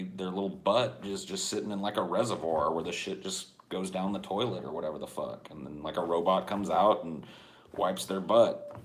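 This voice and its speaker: A man co-hosting a podcast, rambling through a profane, deadpan rant in casual chat. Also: on the low side. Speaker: podcast co-host.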